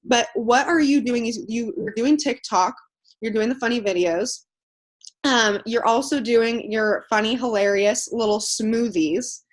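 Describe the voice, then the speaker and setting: A woman's voice: a little high, unhurried. A woman leading her team call, gushing with thanks and praise in a chatty way. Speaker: team leader.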